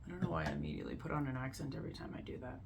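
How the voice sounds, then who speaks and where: A woman's voice: rumbling low, very animated, racing, vocal fry, background noise. A woman reading Reddit posts aloud and giving blunt, opinionated commentary in a casual way, with lots of "like". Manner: blunt, opinionated, heavy use of "like". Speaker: Reddit story reader and commentator.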